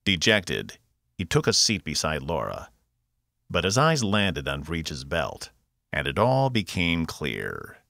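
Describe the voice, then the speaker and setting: Brief: deep, gravelly male narrator; highly expressive, dry close read. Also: slow pace, no echo. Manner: expressive, voices all characters. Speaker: audiobook narrator and author. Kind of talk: scripted narration.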